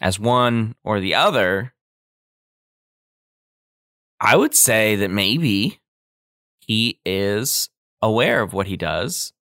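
A man's voice: lowish voice, lively intonation, slow, long pauses, bright, forceful tone, no echo, clean studio sound. A man casually analyzing a film, loose and filler-heavy, often acting out the characters he quotes. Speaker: film commentator.

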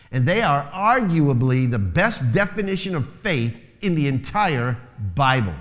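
A man's voice: fairly high pitch, very animated, measured pace, hardly any pauses, fairly bright tone. Preaching man in an echoing sanctuary. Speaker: pastor. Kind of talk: sermon. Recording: long hall reverb.

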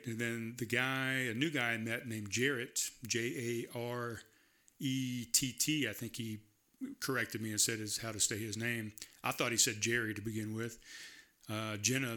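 A podcast host from South Carolina chats alone at his desk mic, rambling and amusing himself. His medium-pitched voice sounds pushed and bright.

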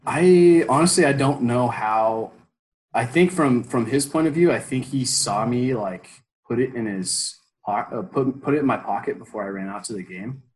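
A man in his twenties telling a story as an interview guest, animated and full of fillers, bursting into loud quoted pep talks. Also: medium pitch, normal speed, low-quality recording. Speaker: former college baseball player, guest.

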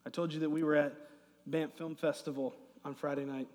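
High-voiced pastor preaching in a hall. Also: male voice, little pitch movement, fairly quick. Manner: dynamic preacher, swings from loud to soft. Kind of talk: sermon. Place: church hall. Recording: long hall reverb.

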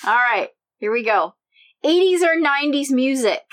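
A woman co-hosting a running podcast with a fairly high voice. She keeps the chat upbeat and laughs easily as she fires off quick questions. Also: expressive. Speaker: podcast co-host. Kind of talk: casual interview chat.

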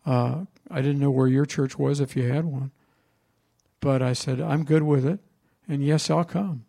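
A man's voice: mid-range voice, steady tone, measured pace, gravelly, dark tone. A man preaching a sermon as pastor, telling a story in a conversational way and asking the congregation questions.

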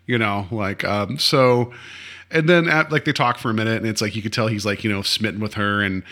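A man co-hosts a casual podcast, retelling an episode with animated, mocking asides. His voice is bright and forceful, and he slips into goofy impressions of the characters. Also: lowish voice, a little fast. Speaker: podcast co-host. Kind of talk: casual chat recapping an episode.

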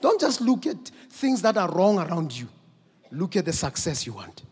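A man preaching a sermon, moving from quiet, slow teaching up to shouted exhortation. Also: sits high, very animated, breathy edge. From South Africa. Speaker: pastor. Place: large church hall. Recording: long church hall reverb.

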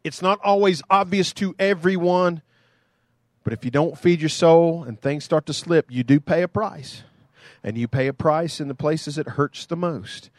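Pastor guy preaching, kinda high voice, chatty and jokey, dry close sound. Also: moderate pace, no room sound. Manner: conversational, playful asides. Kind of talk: sermon.

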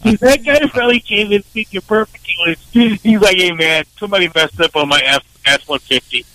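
A man, a comedian calling in to a radio show, chatting casually with drawn-out, laughing exclamations. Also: high-pitched, pushed and bright, dry recording, poor audio.

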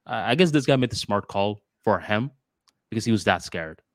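A man's voice: on the low side, fairly quick, dry recording. Podcast co-host, male, casual storyteller, dry close mic. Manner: storytelling, animated retelling.

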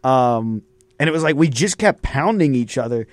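A man's voice: medium pitch, lively intonation, moderate pace, no echo. A young man hosting a college radio sports talk show, in casual banter full of laughs and fillers.

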